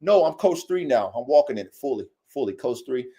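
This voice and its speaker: A man, rambling through a profane, repetitive, preachy monologue that swings between low mutters and loud outbursts. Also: lively intonation, a little fast. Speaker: dog breeder and vlogger. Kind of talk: casual unscripted monologue.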